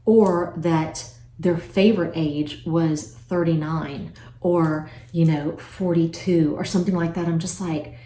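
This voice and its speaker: A woman in her forties chatting to camera in a vlog, emotional and soft-spoken, trailing off with fillers. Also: fairly even intonation, slow, echoey room. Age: 40s. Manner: high cooing voice when talking to her pets. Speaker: vlogger. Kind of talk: casual chat to camera. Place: at home, indoors.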